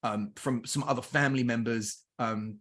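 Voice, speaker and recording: A middle-aged man with an English accent tells family anecdotes in a casual, lively way. His pitch sits in an ordinary middle range. He slips into the voices of the people in his stories as he goes. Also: normal speed. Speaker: podcast guest. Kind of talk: casual storytelling.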